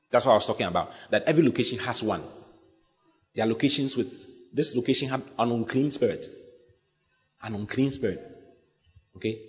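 A man preaching a sermon in an animated, repetitive way, often asking his listeners questions. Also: mid-range voice, long reverb tail, highs cut off.

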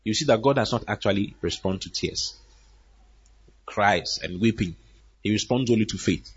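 A man's voice: on the low side, moderate pace, husky. A man preaching a sermon, acting out Bible characters and laughing along the way. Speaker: pastor. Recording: dull lo-fi recording.

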